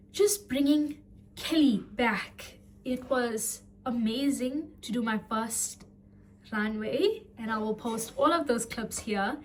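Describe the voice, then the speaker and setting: A woman's voice: on the high side, slight background noise. A young woman speaking to her viewers in a personal vlog, earnest and heartfelt, emotional and close to tears. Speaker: vlogger. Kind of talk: personal vlog talking to camera.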